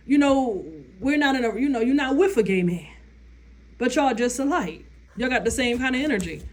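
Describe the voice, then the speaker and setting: Blunt, profane woman ranting to camera. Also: on the high side. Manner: blunt, profane, sassy, laughs often. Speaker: vlogger. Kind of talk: casual opinion rant to camera.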